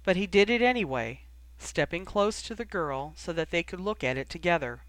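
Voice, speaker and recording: A reader narrating fan fiction in a measured, steady way. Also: mid-range voice, no room sound. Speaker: audiobook reader.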